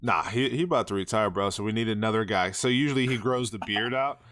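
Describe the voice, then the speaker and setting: A laid-back man hosts a casual podcast and eggs his guest on with "bro" and "dude". His voice sits fairly low, and it comes across dry and close with no room sound. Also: fast, a bit bright, dry recording. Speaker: podcast host.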